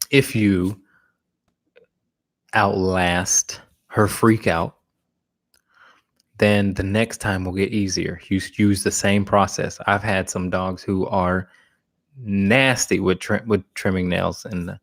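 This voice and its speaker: A man's voice: sits low, steady tone, takes it slowly, pauses often. A man who trains dogs, answering viewer questions in a live Q&A in a blunt, casual way with frequent restarts. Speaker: dog trainer. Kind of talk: live Q&A talk.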